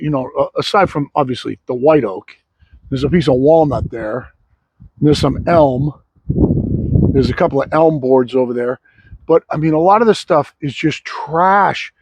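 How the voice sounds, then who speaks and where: A man's voice: a little high, a little mellow, dry recording, rough recording. A sawmill owner talking casually and bluntly, rambling and swearing freely while he shows off his wood. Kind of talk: casual vlog talk. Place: outdoor log yard.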